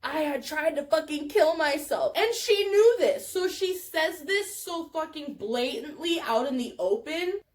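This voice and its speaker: A young woman telling a wild personal story in a profane, animated vlog style. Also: high voice, unhurried, hardly any pauses. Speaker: vlogger.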